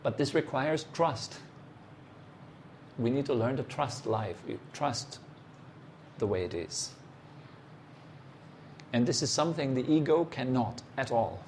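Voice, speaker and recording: A little hiss or hum sits under this meditation talk, where a male teacher uses short, unhurried phrases and confronts the listener with direct, challenging questions. His mid-range voice is expressive and darkish in tone.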